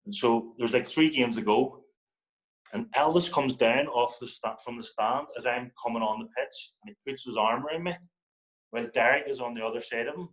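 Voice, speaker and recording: A Northern Irish man at a middling pitch, spinning casual stories as a podcast guest. He tells his anecdotes with animation and slips into the voices of the people he quotes. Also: a little fast, a bit bright, rough recording. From Northern Ireland. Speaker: podcast guest, former footballer. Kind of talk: casual storytelling.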